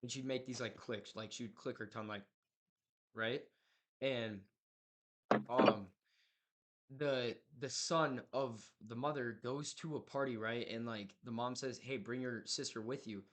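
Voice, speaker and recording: A man's voice: medium pitch, steady tone, measured pace. A young man in casual chat, retelling a horror movie plot in a rambling way, full of filler words and slang.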